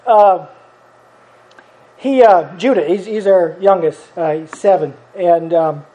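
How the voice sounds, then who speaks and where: A man's voice: high voice, slow, warm tone. A middle-aged man preaching a sermon in a folksy, conversational way, chuckling as he talks. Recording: dull lo-fi recording.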